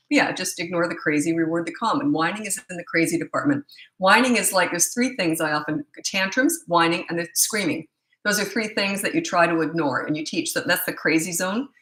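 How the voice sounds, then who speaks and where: A woman's voice: fairly low pitch, a bit bright, reverberant, poor audio. A middle-aged woman, a parenting coach, answering viewer questions on a live stream in a blunt, opinionated way. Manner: blunt and opinionated, quick asides.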